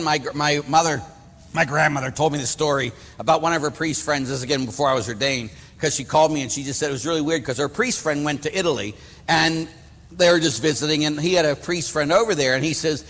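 Chatty priest preaching in a reverberant hall. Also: male voice, on the high side, a bit bright. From Pittsburgh area, USA. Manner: chatty, rambling, acts out voices in his stories. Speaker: Catholic priest. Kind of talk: storytelling sermon.

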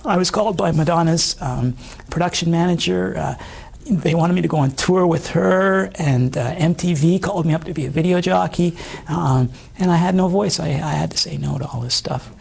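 A middle-aged man with a hoarse voice, giving an earnest personal testimony in an interview, halting with many fillers. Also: on the high side, a little mellow. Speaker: guest.

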